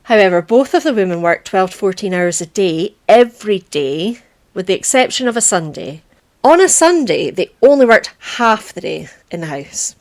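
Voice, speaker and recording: A woman's voice: mid-range voice, big pitch swings, moderate pace, a little mellow. A woman from Britain co-hosting a casual true crime podcast, reading the case and breaking off to joke and laugh with her co-host. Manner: chatty, jokey, laughs often.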